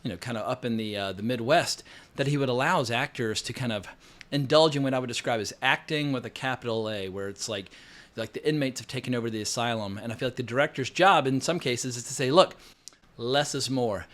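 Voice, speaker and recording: A man giving a casual, opinionated film review, blunt and quick to swear. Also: medium pitch, a bit bright. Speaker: film critic.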